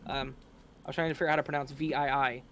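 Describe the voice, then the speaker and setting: A man interviewing a streamer, reading out viewer questions in a relaxed, reassuring, slangy way. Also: mid-range voice, very fast, a little hiss or hum. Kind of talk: casual livestream chat.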